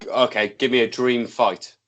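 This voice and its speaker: A man's voice: medium pitch, fairly even intonation, normal speed, a bit bright. A man co-hosting a podcast, asking questions in casual chat and often restarting his sentences.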